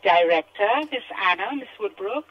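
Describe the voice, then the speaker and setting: A woman's voice: mid-range voice, animated, normal speed, muffled recording. A woman calling into a radio show, formally reading out greetings and thanks. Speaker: caller.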